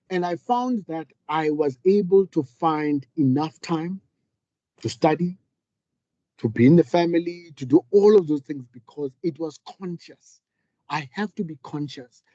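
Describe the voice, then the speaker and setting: This middle-aged man speaks with a fairly high but mellow, warm voice, telling his story in a candid, earnest way. The sound is dry and close, with a slightly dull, muffled quality. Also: no echo. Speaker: panel speaker, business leader. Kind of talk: reflective public talk.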